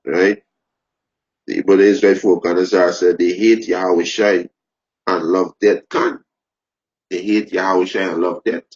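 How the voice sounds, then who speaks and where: A man preaching fervently, repeating phrases, restarting sentences and rising into loud emphasis. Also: low-pitched, flat delivery, measured pace, long pauses. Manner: repetitive, stumbling restarts, rising to shouted emphasis. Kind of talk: impassioned preaching. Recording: dull lo-fi recording.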